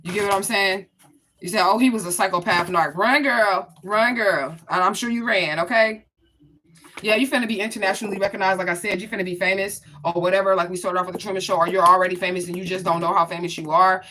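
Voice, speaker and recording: A woman's voice: mid-range voice, little pitch movement, fast, sharp tone, a little hiss or hum. A woman giving a casual spiritual reading to her viewers, blunt and profane, talking straight to them. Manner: blunt, profane, chatty, addresses viewers directly. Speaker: spiritual reader.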